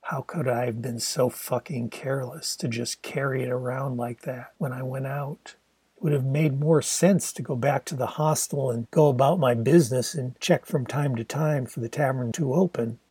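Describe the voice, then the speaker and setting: An older man narrating his own autobiographical novel as a steady, reflective audiobook reading. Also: mid-range voice, moderate pace, slightly rough, no room sound.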